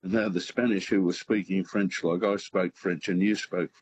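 A man's voice: deep voice, fairly even intonation, moderate pace, darkish tone, slight background noise, poor audio. A male radio caller, telling a rambling anecdote with many fillers. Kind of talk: phone-in anecdote.

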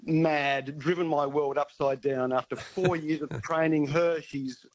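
A man's voice: on the high side, fairly even intonation, measured pace, poor audio. A man calling in to a radio show, blunt and enthusiastic. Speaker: caller. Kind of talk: talkback radio call.

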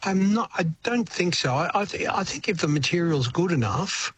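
A man's voice: high-pitched, lively intonation, moderate pace, fairly bright tone, breathy edge, dry recording. An older Australian man, a retired singer-songwriter, talking reflectively in a radio interview and often stumbling over his words.

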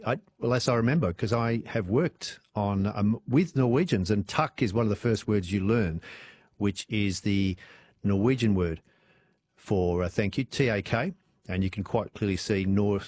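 An Australian man hosting a live talkback radio show, his voice sitting a little on the low side. He chats in a loose, rambling way, full of "uh"s and self-corrections. He speaks close to a studio microphone. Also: a little mellow, no room sound. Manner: chatty, rambling, with many fillers and self-corrections. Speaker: radio host.

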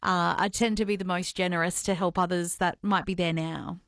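A woman's voice: fairly low pitch, steady tone, brisk, no echo, studio quality. A woman hosting a radio interview, asking questions in an encouraging way. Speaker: radio host.

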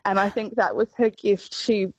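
A woman, a radio colleague, sharing memories in a tearful, hesitant way with many pauses. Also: medium pitch, fairly even intonation, slightly rough, dry recording, dull audio.

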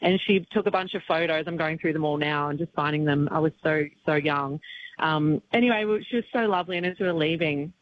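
A woman's voice: low-pitched, brisk, dry recording. Woman on a dull radio line. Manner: tearful but laughing, rambling with fillers. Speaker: country singer guest. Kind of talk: emotional phone-in radio interview.

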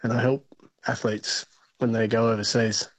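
A man's voice: mid-range voice, level tone, moderate pace, dry recording. Male caller, chatty and sure of himself, dry sound. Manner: confident, chatty, jokey. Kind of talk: casual chat on a radio phone-in.

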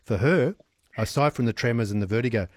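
A man's voice: medium pitch, fast talker, slightly rough, no room sound, studio quality. Chatty male radio host. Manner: chatty, playful, jokes with guest. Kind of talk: radio talk show.

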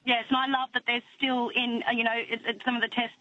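A woman's voice: a little high, level tone, fast talker. Hesitant woman on a dull phone line. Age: 30s or 40s. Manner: hesitant, many fillers while thinking. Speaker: quiz caller. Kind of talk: radio call-in chat.

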